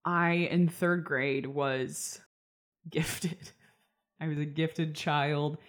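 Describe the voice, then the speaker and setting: Low-voiced chatty woman in her twenties. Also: steady tone, drawn-out words. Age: 20s. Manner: chatty, reflective, laughs often. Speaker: podcast host. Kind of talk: casual podcast conversation.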